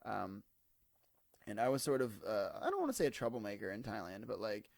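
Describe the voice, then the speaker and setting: A man's voice: fairly low pitch, expressive, a little fast, vocal fry, darkish tone, no room sound. A tired, slightly hungover man in his twenties, rambling casually to camera in a digressive, self-deprecating way. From United States. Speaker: vlogger.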